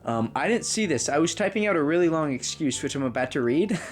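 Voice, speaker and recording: Brief: man, slightly higher voice, comic storyteller who laughs through his lines, faint music underneath. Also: lively intonation, fast talker. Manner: laughs often, reads both sides of chats. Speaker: prank storyteller reading chats. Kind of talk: comedic storytelling, reading messages aloud.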